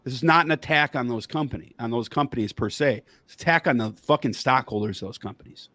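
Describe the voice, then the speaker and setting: A man's voice: medium pitch, quick pace, bright, forceful tone, no room sound. A man hosting a podcast, angrily ranting about politics and swearing heavily. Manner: angry, heavy swearing, worked up. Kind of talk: profane political rant.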